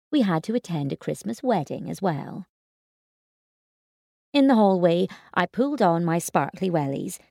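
A woman narrating a first-person story in an expressive, wry manner. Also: fairly low pitch, no room sound, clean studio sound. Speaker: audiobook narrator.

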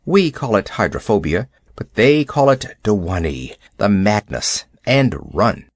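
Male narrator reading a classic story, animated pitch, dry close sound. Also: no room sound. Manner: expressive, measured storytelling.

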